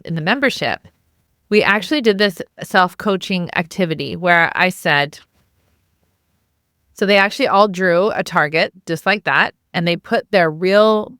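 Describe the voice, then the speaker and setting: A woman's voice: lowish voice, a bit bright, clean tone, no room sound, clean studio sound. A woman hosting a self-help podcast as a life coach, talking in a conversational way with lots of restarts and fillers.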